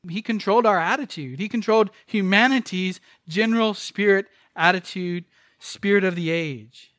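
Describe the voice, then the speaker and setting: A man's voice: sits high, moderate pace, a bit bright, no echo, studio quality. A man preaching a sermon as pastor, emphatic, repeating phrases and asking rhetorical questions.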